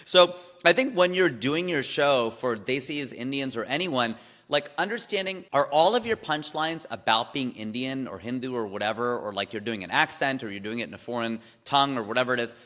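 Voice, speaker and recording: A man, a comedian, talking through stories and advice in a casual interview, animated with quick asides. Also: medium pitch, in a large hall.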